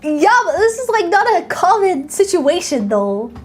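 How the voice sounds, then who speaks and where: A young woman VTuber chatting on a live stream, excitable, squealing and giggling as she thanks her viewers. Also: very high-pitched, unhurried.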